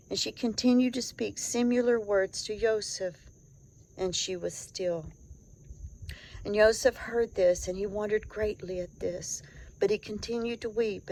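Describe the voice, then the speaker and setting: A woman's voice: mid-range voice, darkish tone, a little hiss or hum, rough recording. A woman reading an old scripture story aloud, earnest and emotive in the quoted laments. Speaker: scripture reader.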